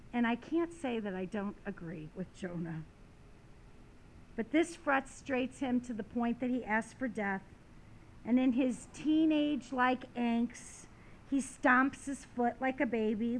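Slow, high-voiced woman preaching a sermon. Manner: dramatic reading of scripture and stories, rising and falling emphasis.

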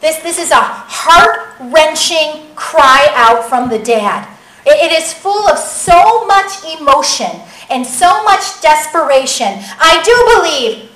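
A woman preaching a sermon in a lively, conversational way that often checks in with the audience. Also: high-pitched, slow pace, reverberant, rough recording. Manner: animated, conversational, keeps asking the audience "right?".

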